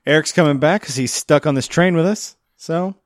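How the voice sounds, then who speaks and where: Brief: male podcast host, jokey and quick to laugh, dry close-mic sound. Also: fairly high pitch, no room sound. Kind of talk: casual podcast chat.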